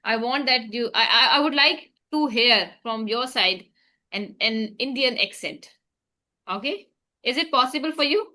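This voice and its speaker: A woman guides a casual English practice chat, asking questions and saying "okay" often to keep things moving. Her voice is bright and a little sharp, and it sits fairly high. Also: a little slow. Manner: encouraging, asks questions, frequent okays. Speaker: interviewer, English practice partner.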